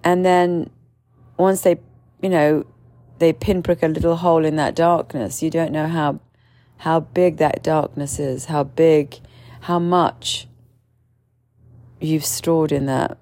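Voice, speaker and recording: Woman in her own voice, low and gravelly, unscripted and meandering monologue. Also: steady tone, slow, warm tone. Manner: candid, meandering, with many fillers and restarts; mimics others with sudden shrill outbursts. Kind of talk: casual storytelling monologue.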